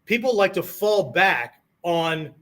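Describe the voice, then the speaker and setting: Male martial arts teacher, somewhat high voice, chatty lecturing with constant "right?" and "okay?" check-ins. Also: animated, slow, fairly bright tone. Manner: conversational, peppers sentences with "right?" and "okay?"; demonstrates tones of voice on quoted phrases.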